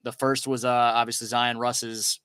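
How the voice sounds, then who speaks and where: A man's voice: medium pitch, level tone, moderate pace, pushed and bright, clean tone, dry recording. A man co-hosting a casual sports podcast, recapping game footage in detail. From Louisiana. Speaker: co-host.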